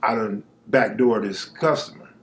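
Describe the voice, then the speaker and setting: A man's voice: fairly low pitch, measured pace, a bit bright. A man from Los Angeles telling a true street story in a laid-back, slangy, conversational way.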